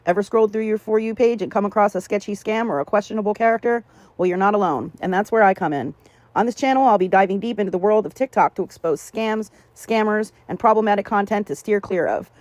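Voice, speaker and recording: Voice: mid-range voice, no room sound. A text-to-speech style narrator giving a scripted channel introduction with an upbeat, promotional delivery.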